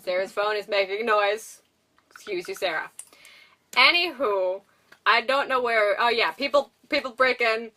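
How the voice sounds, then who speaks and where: In a casual movie recap on her podcast, a young co-host rambles, giggles and plays out the characters' dialogue. Her voice leans high with a sharp tone at a measured pace. She sounds distant from the mic.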